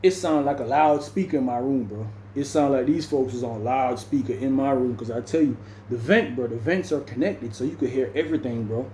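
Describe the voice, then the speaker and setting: A man's voice: medium pitch, fairly quick, warm tone, a little hiss or hum. A man casually telling a prison story, in a loose, slangy way that ends almost every phrase with "bro". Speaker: storyteller recounting prison stories.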